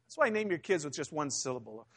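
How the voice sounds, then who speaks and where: A man's voice: a little high, big pitch swings, quick pace, fairly bright tone. A male pastor preaching a conversational sermon, telling stories and acting out quotes from people in them.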